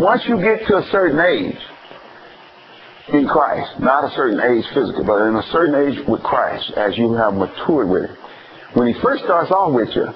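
A man delivers a sermon as pastor, his voice leaping high and dropping low as he questions the congregation. He acts out homespun scenes from family life to drive his points home. The recording is a touch dull and lo-fi. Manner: calls for answers from the congregation. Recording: slightly dull lo-fi church recording.

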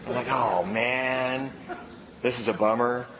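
A man preaching a sermon to a congregation, lively, stretching out key words for emphasis. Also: medium pitch, slow, a crowd in the background. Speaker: pastor. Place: church sanctuary. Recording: long hall reverb, faint ambience.

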